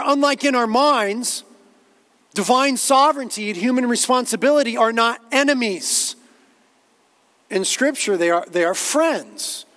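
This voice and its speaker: Preaching earnestly, this pastor builds his argument through repetition and quotations. His voice is very high and a bit bright, and the recording has a big-room sound.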